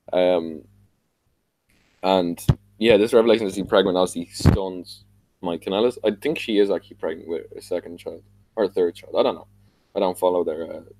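Podcast host, Irish man, low voice, casual rambling recap. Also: a little mellow, no room sound, poor audio. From Ireland. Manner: rambling, many fillers and restarts.

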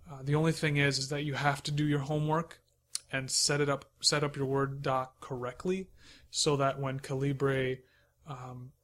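Brief: male podcast host, laid-back advice from experience, even monotone delivery. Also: medium pitch. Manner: relaxed, conversational, hands-on advice. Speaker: podcast host and self-published author. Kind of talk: casual advice talk.

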